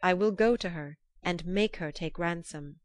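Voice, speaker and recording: A woman's voice: fairly low pitch, moderate pace, dry recording, studio quality, close to an everyday voice. A woman voicing a determined young male messenger rider, speaking earnestly in formal, old-fashioned phrasing. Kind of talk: storybook reading.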